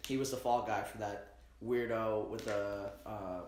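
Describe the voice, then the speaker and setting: A man's voice: on the low side, little pitch movement, a little slow, a little mellow, slight background noise. A man co-hosting a casual podcast, tossing in dry puns and jokes. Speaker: podcast co-host. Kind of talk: casual chat. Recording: roomy echo.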